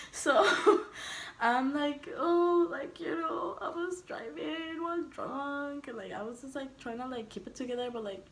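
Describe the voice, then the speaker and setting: Young woman telling a story, laughing often. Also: on the low side. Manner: animated, laughing, swearing, acts out quotes. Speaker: vlogger. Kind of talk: casual storytime.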